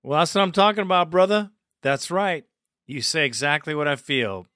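A man hosting a sports fan call-in show, excitable, often laughing and calling callers brother. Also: on the high side, normal speed, dry recording, studio quality. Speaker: podcast host.

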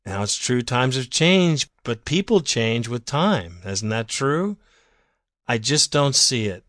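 A man delivering an opinionated sports fan monologue, heated and ranting, swinging from calm talk to raised outbursts. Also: mid-range voice, no echo, clean studio sound.

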